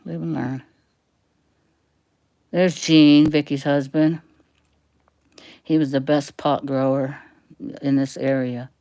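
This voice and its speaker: A woman's voice: low-pitched, a little mellow. A middle-aged woman rambling casually through old family photos, laughing often as she tells stories. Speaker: livestream host.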